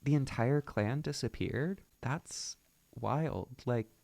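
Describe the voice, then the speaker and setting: A man's voice: medium pitch, animated, takes it slowly, creaky, mellow. A man reading a book aloud and chatting about it in musing, self-deprecating asides. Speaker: book reader and commentator. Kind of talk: reading aloud with casual commentary.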